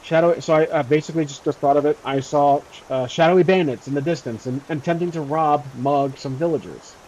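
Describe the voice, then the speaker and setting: A man's voice: on the high side, fairly quick, a little mellow, muffled recording, slight background noise. A man narrating his solo tabletop role-playing game in a casual, rambling way with many fillers.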